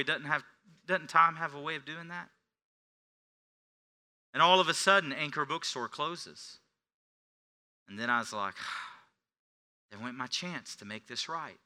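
A middle-aged male pastor preaching a sermon, telling a personal story, swinging from hushed confession to loud preaching. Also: medium pitch. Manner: confessional storytelling, dropping to near whispers then rising to shouts.

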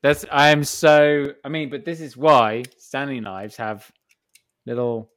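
A man's voice: medium pitch, fairly even intonation, unhurried, a bit bright, no room sound. Give me an amused man reading listener stories on a podcast, dry. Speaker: podcast host. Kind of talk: casual chat.

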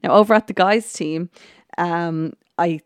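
A woman with a lowish voice hosts a podcast recap in a relaxed, chatty way. She hesitates with ums, restarts her sentences and slips into quoting what people said. The recording is close and dry, with no room sound. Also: a little slow, clean tone, no echo. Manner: chatty storytelling with frequent ums, restarts and quoted lines. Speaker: podcast host. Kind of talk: casual recap of a TV episode.

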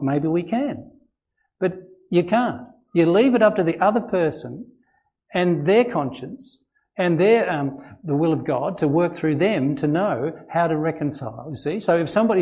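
A man's voice: sits high, animated, normal speed, a little mellow. A male pastor preaching a sermon in a church, earnest and conversational, often repeating phrases and chuckling between points. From Australia.

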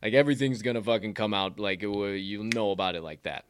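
A man's voice: on the low side, quick pace, a little hiss or hum. A man co-hosting a casual sports podcast, swearing and laughing often as he talks. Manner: profane, laughing, slips into a put-on drawl. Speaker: podcast co-host.

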